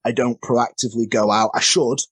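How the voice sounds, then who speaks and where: Speaking fairly quickly in a mid-range voice that's a touch bright and slightly rough, a male wrestler recounts rambling stories at his own expense. His intonation stays fairly even, there's no room sound, and he often fumbles his words in this relaxed interview.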